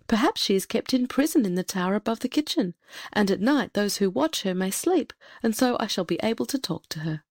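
A woman voicing an earnest young prince in a storybook reading, speaking gently. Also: medium pitch, lively intonation, a little fast, no room sound, studio quality.

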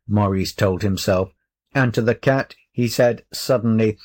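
Slow, measured male storyteller. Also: lowish voice. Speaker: narrator. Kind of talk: audiobook story reading.

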